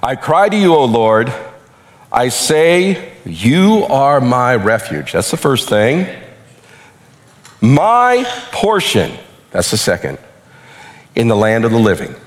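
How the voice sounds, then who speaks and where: A man preaching a sermon with animated delivery, acting out quotes, while losing his voice. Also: mid-range voice, slow pace, long pauses. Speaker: pastor.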